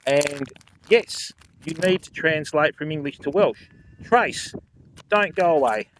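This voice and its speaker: An older Australian man hosts a fishing livestream, joking casually with viewers, laughing often and greeting chat members by name. His voice is fairly high and fairly bright, he speaks slowly, and there's slight hiss or hum in the background.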